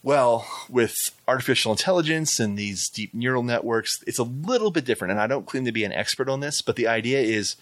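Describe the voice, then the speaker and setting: A man's voice: mid-range voice, animated, brisk, few pauses, a bit bright, no echo. A man hosting a tech segment, explaining in casual chat with lots of fillers and restarts. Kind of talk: casual radio-style chat.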